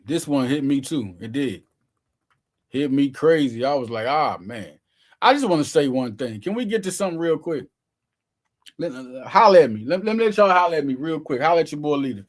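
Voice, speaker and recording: A man's voice: on the high side, animated, brisk. A man hosting his own sports show, giving casual, slangy, emphatic commentary straight to his viewers.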